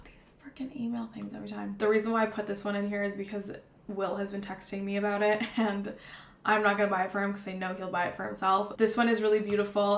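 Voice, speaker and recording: A young woman talks casually and loosely to camera, filling her sentences with little fillers and restarts. Her voice sits at an ordinary middle pitch. The room around her is noticeably echoey. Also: fairly bright tone. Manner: chatty, rambling, lots of fillers. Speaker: vlogger. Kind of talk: casual gift-guide talk to camera. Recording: roomy echo.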